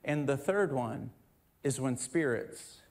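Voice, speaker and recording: A male pastor giving a sermon, moving from a family story into loud, emphatic preaching with scripture reading. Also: mid-range voice, lively intonation, slow.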